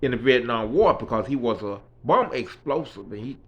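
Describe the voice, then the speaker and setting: A man's voice: mid-range voice, lively intonation, normal speed, fairly bright tone, dull audio, a little hiss or hum. A man telling his life story in a casual, rambling way, with frequent fillers. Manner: rambling, fillers like "you know" and "right".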